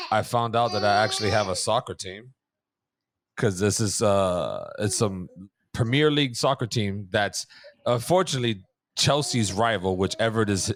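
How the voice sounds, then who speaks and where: Storytelling young dad, casual and profane. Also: male voice, on the low side, fairly bright tone, slight background noise. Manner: storytelling, profane, laughing easily. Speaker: podcast co-host. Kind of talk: casual chat.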